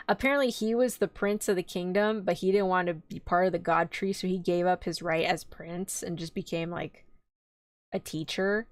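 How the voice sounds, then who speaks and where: A young woman streamer casually retelling an anime plot, rambling and animated, briefly jumping into quoted voices and swearing now and then. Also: mid-range voice, no room sound.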